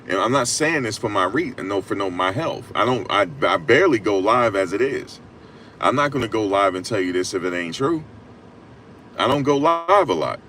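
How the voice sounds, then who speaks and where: A man giving casual, emphatic sports talk on a live stream, repeating his points and rising to loud peaks. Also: fairly low pitch, expressive, brisk. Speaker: sports commentator.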